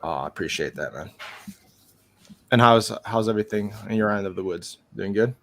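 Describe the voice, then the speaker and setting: A man from Montreal hosting a casual live stream chat, jokey and quick to laugh. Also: lowish voice, animated. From Montreal, Canada. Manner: laughs often, jokey, slips into accents.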